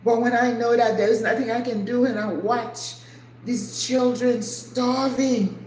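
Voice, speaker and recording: The voice, slightly high and a little mellow with fairly even intonation, belongs to an older woman hosting her channel who speaks unhurriedly. She chats casually while cooking in her home kitchen, earnest and emotional and asking rhetorical questions; the room echoes and faint ambient noise is audible.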